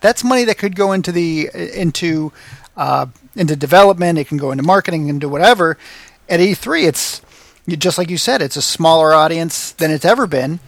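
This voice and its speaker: A man with a slightly higher voice talks through business ideas in casual podcast chat. He rambles animatedly and mocks himself as he goes. The sound is dry and close. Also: brisk, creaky, no room sound. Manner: rambling, self-mocking, animated. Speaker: podcast guest, marketing officer.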